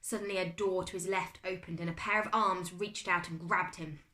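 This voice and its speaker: A woman's voice: lowish voice, a little fast. British woman teacher reading a story. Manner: expressive, dramatic read-aloud. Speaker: teacher reading aloud to a class. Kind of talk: storybook read-aloud. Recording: echoey room.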